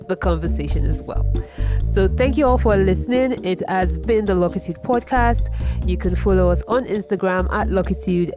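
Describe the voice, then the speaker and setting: A woman with a Nigerian accent hosting a podcast interview, chatty and warm, quick to laugh. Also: on the low side. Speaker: podcast host. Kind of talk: casual interview. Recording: music playing under the voice.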